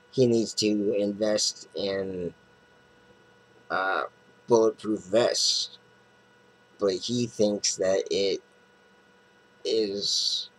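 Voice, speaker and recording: A man with a lowish voice talks slowly through a comic book's plot in a loose, rambling way. He keeps stopping to restart sentences and fill gaps, with a faint hiss of noise under him. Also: poor audio. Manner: rambling, full of fillers and restarts. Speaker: comic book reviewer. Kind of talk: casual plot recap.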